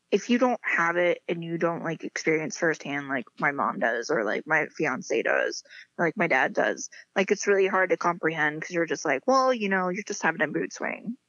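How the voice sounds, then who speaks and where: A chatty young woman, a podcast guest, tells stories and acts out both sides of quoted exchanges, peppered with "like". Her voice sits a little low for a woman. The sound is slightly dull and dry, with no room around it. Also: a bit bright, dry recording. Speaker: interview guest. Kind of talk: casual chat.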